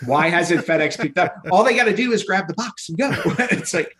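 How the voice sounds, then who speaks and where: Male podcast co-host, animated storyteller, slightly higher voice. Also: a little fast. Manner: animated storyteller acting out phone calls. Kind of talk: casual chat.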